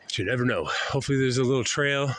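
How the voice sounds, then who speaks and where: A man's voice: medium pitch, quick pace, a bit bright. An older man with a cold, congested and breathing hard, muttering to himself as he hikes outdoors by a river. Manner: muttering to himself while hiking. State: congested from a cold, stuffy nose; out of breath from walking. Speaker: drifter vlogger. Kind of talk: casual walking vlog. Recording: noisy outdoor recording.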